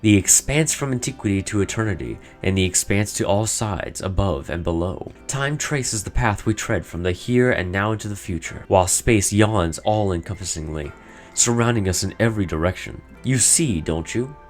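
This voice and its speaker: A man's voice: fairly low pitch, expressive, moderate pace, soft background music, lightly acted. A man voicing a stern elderly woman who keeps old legends, reading game dialogue aloud in a solemn, formal, cryptic manner.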